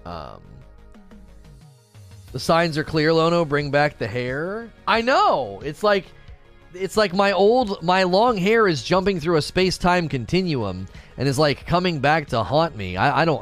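A man's voice: a little high, unhurried, soft background music. A middle-aged man hosting a gaming news livestream, chatting casually and talking straight to his viewers. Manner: animated, chatty, addresses viewers directly.

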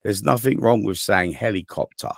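A man's voice: fairly low pitch, moderate pace, creaky, no echo. A man with an English accent hosting a casual podcast chat, rambling and full of "you know", with dry teasing humor. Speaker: podcast host.

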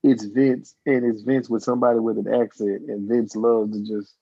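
A man co-hosting a podcast, reacting to wrestling news in an animated way and laughing often. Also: on the low side, normal speed, slightly rough, no room sound. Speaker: podcast co-host. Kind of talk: casual wrestling chat. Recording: dull lo-fi mic.

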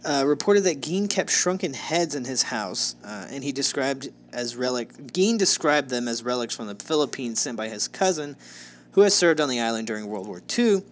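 A man co-hosting a casual true-crime podcast. His voice sits at an ordinary middle pitch, and he tells grim details with dry, sarcastic jokes. A faint hiss sits under the studio mic. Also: animated, normal speed. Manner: joking, sarcastic, narrates case details. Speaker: podcast co-host.

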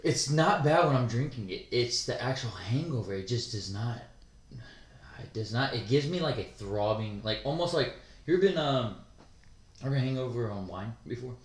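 A man co-hosting a podcast at a middling pitch, his talk loose, rambling and full of swearing. His voice bounces around an echoey room. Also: lively intonation, normal speed. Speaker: podcast co-host. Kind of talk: casual chat.

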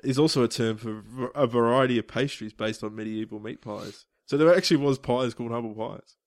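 A man's voice: mid-range voice, a little fast, no echo, studio quality. A man co-hosting a podcast, joking and laughing through casual banter. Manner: giggly, lively banter. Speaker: podcast co-host.

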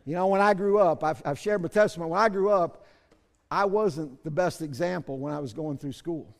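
A man pastor preaching a sermon, moving between soft asides and loud shouted bursts. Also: fairly high pitch, brisk, creaky, long reverb tail.

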